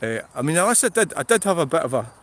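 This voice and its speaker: A man's voice: fairly high pitch, big pitch swings, rapid-fire, fairly bright tone. Sweary Scottish man talking outdoors. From Scotland. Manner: blunt, sweary, laughs often. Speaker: vlogger. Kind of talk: rambling livestream chat. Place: outdoors in a field.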